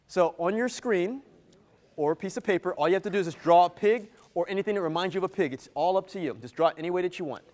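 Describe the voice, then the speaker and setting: Male motivational speaker with a high voice, working a live crowd playfully. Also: fast talker. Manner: energetic, playful, teasing the audience. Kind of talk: interactive live keynote. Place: event venue with a live audience.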